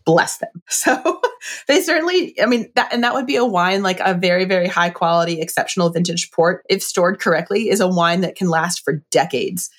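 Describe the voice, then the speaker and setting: Chatty, low-voiced woman talking wine. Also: moderate pace. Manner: chatty, enthusiastic, lots of fillers. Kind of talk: casual book discussion.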